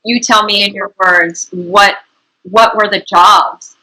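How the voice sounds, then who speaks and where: A woman's voice: medium pitch, steady tone, takes it slowly, pushed and bright, rough recording. A woman hosting an interview, asking emphatic, indignant questions. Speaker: host, interviewer.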